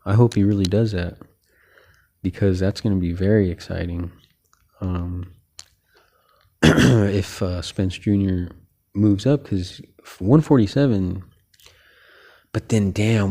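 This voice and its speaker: A man's voice: lowish voice, vocal fry. A man hosting a casual solo talk about boxing, rambling and opinionated, with lots of "you know" fillers. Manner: relaxed, opinionated and loose. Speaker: host.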